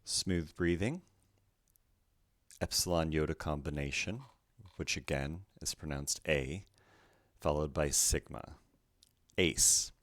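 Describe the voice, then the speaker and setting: Male tutor, extremely low voice, unhurried and methodical, dry close recording. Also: no echo. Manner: careful, methodical, spells out each letter. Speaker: Greek language teacher. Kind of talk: slow letter-by-letter pronunciation lesson.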